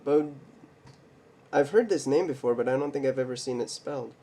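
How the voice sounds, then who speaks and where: A man hosting a card collecting video, slowly reading names off cards, stumbling over some and making little jokes to himself. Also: medium pitch, dark tone. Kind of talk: casual mail day card showcase.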